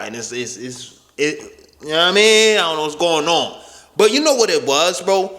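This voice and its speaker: A man telling a profane, animated story in a casual storytime monologue, punctuating it with "right?" and "boom.". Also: normal speed. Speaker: storyteller vlogger. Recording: echoey room with long reverb.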